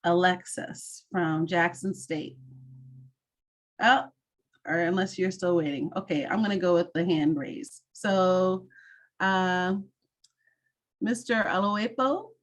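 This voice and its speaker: A woman's voice: on the low side, fairly even intonation, slow pace. A woman hosting an online mentoring session over a video call, giving friendly, direct instructions with some fillers.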